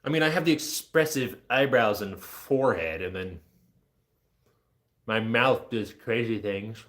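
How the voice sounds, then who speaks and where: A man's voice: lowish voice, unhurried, fairly bright tone. A man in his thirties chatting casually on a livestream, joking, self-deprecating and easily distracted. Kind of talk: casual rambling livestream chat.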